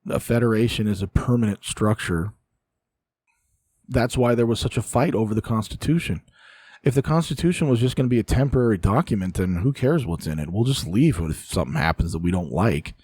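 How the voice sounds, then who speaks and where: A man's voice: lowish voice, lively intonation, brisk, a little mellow, husky, no echo. A man hosting solo political commentary, ranting in an exasperated way and sighing often.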